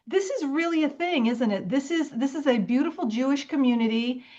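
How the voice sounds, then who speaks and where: A woman hosting a film podcast, enthusiastic and quick to laugh as she interviews her guest. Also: sits high, animated, darkish tone. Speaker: podcast host. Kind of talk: casual interview chat. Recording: muffled lo-fi audio.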